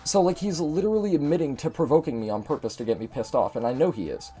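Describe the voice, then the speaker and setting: Brief: young male gaming host, mid-high voice, mellow timbre, venting his frustration with lots of swearing. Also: fast, faint music behind. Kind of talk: ranting commentary over gameplay.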